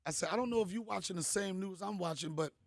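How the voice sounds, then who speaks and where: A middle-aged man, a comedian host, telling stories in a punchy, animated way. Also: sits high, fast, vocal fry, no echo, studio quality. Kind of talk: storytelling monologue.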